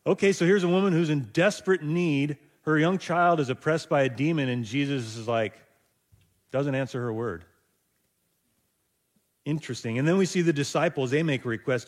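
A man's voice: fairly high pitch, normal speed, pauses often. Man musing through a casual sermon. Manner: reflective, musing aloud, rhetorical asides. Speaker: pastor. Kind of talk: conversational sermon.

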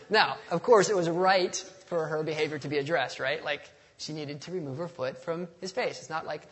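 A man's voice: fairly high pitch, fast, gravelly, few pauses, a bit bright. A man preaching a sermon in a conversational, storytelling way, with touches of humor and a passage read aloud.

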